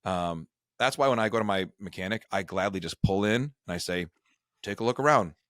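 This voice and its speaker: Lowish-voiced man telling a self-deprecating story. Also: lively intonation, fairly quick, a bit bright, dry recording, clean studio sound. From Michigan. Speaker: retirement advisor and show host. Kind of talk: casual storytelling chat.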